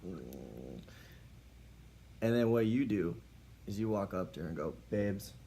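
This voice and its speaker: A man's voice: low voice, very animated, unhurried, dark tone, slightly rough. A man giving mock-serious dating advice in a playful comedy monologue.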